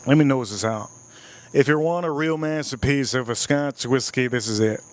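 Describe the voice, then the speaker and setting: Reviewing whiskey on a relaxed live stream, a man sips and banters playfully with his chat, repeating his jokes. He has a mid-range voice and a moderate pace.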